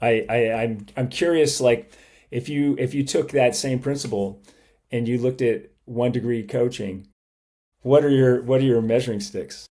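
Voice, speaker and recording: A man with a warm, mellow tone, speaking as a guest in a casual interview. He answers with short, encouraging words and asks questions that start and restart hesitantly. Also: medium pitch. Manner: brief encouraging backchannels, halting questions. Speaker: podcast guest, tech entrepreneur.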